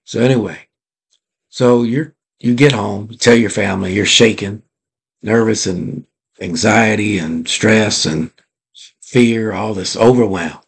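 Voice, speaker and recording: Man, podcast host, motivational monologue, husky, fry in the voice, slow deliberate delivery, rhetorical questions. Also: lowish voice. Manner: storytelling with rhetorical questions to the listener.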